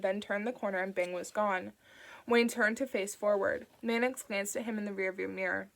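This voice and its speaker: A woman reading an audiobook in a steady, even narration. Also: mid-range voice, normal speed, vocal fry. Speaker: audiobook reader.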